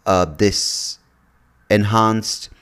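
A man hosting an interview who talks in an animated way, laughs often and restarts his sentences. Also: fairly low pitch, drawn-out words, clear, resonant tone. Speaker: podcast host. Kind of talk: conversational interview.

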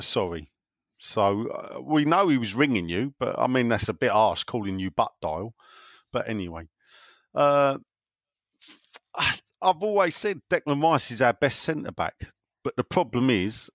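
A podcast host chats casually and reads out messages from listeners. His voice is mid-range, and the clean studio recording has no room sound.

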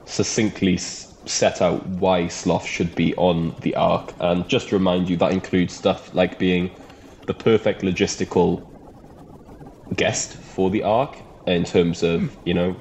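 A man's voice: low voice, steady tone, measured pace, darkish tone, a little hiss or hum. A young man co-hosting a podcast, giggly and rambling, laughing often in casual chat. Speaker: podcast co-host.

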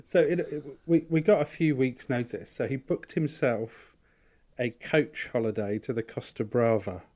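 A man's voice: mid-range voice, normal speed, dark tone. Man telling a rambling story. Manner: rambling anecdotal storyteller, swears freely. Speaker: podcast co-host. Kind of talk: casual chat.

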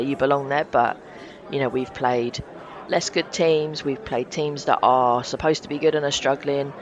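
A man co-hosting a casual fan podcast, speaking in an animated, emphatic way. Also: on the high side. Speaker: podcast co-host. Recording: dull lo-fi sound.

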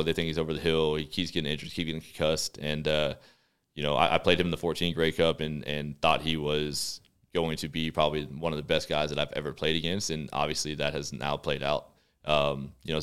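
A man from Texas with a very deep voice speaks in a relaxed, rambling way as a radio guest. His tone is smooth and resonant, with plenty of fillers as he thinks aloud. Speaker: football quarterback guest. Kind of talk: casual radio interview chat. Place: radio studio.

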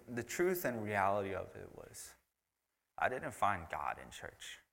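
Guy preaching in church, lowish voice, punchy, big echoey hall. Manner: shifts between loud emphatic preaching and hushed whispers. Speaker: pastor. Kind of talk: sermon. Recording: long hall reverb.

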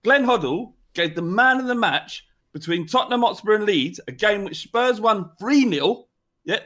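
A man's voice: high voice, lively intonation, fairly bright tone. A man co-hosting a casual football podcast, emphatic and indignant. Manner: emphatic, indignant, quick to agree. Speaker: podcast co-host.

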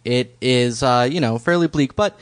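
A man's voice: medium pitch, normal speed, clean tone. Dry-humored male podcast co-host. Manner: dry, wry, easygoing. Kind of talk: casual chat.

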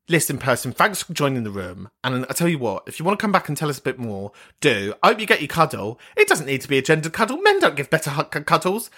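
A man hosting a podcast, chatting casually and swearing freely as he reacts to listener voice notes, gossipy and quick to laugh. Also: fairly high pitch, sharp tone, breathy edge. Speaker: podcast host.

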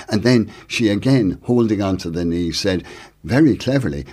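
Very deep male voice, lively anecdote teller, acts out quotes. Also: moderate pace, few pauses. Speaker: guest. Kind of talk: conversational interview.

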